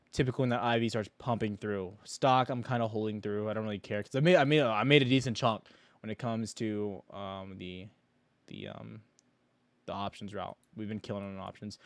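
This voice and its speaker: A man's voice: lowish voice, steady tone, a little fast, no room sound. Young man, livestream host, casual trading chat, rambling, slangy, joking, dry close sound. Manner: rambling, joking, slangy, with bursts of loud mockery.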